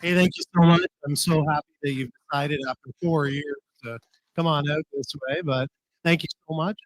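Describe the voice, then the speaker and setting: A man's voice: on the high side, fairly even intonation, moderate pace, poor audio. A man hosting an event, thanking a speaker with repeated praise. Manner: warm thanks, repeats himself.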